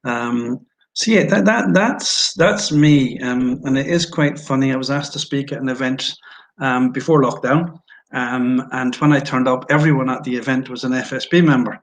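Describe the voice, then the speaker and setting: A man's voice: mid-range voice, moderate pace, a little hiss or hum, low-quality recording. Scottish male guest, mid-range voice, candid and self-mocking storyteller. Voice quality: frank, self-deprecating, anecdotal. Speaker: interview guest.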